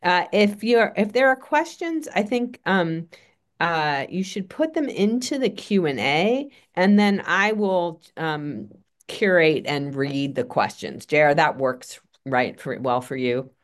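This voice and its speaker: A woman moderating an online talk, introducing the speaker in halting phrases. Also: lowish voice, expressive. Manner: halting, filler-heavy phrasing.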